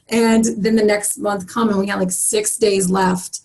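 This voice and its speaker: A woman on a team call telling a candid, animated story about herself in a casual way. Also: mid-range voice, normal speed, few pauses, poor audio. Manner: animated, candid, self-mocking. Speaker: team member sharing a story.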